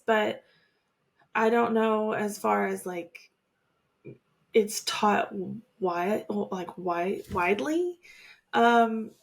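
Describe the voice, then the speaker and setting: A woman's voice: on the high side, creaky. A young woman co-hosting a podcast, chatting casually and hesitantly, with frequent fillers. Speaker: podcast co-host. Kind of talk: casual chat.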